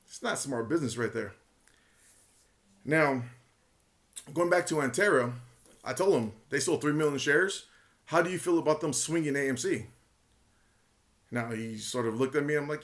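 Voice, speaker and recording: Speaking at a normal speed with long pauses, a man with a fairly bright, higher voice gives his opinions as a retail investor commentator. The monologue is casual and emphatic, heavy on speculation and repetition.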